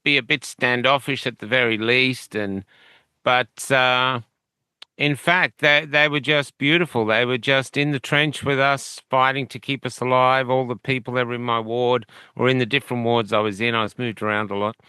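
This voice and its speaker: A man's voice: mid-range voice, steady tone, moderate pace, bright, forceful tone, clear, resonant tone, no echo. A man with an Australian accent telling the story of his own illness as an interview guest, rambling, with many fillers and restarts. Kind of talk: conversational storytelling.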